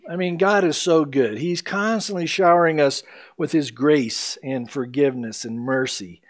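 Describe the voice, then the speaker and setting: A man's voice: fairly high pitch, normal speed. A middle-aged male pastor giving a conversational, earnest sermon, teaching verse by verse. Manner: earnest, conversational teaching with emphatic quoted lines.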